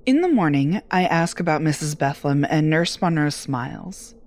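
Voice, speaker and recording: A woman narrating a first-person horror story in a measured, dramatic storytelling manner. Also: low-pitched, lively intonation, a little mellow. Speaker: voice actor, narrator.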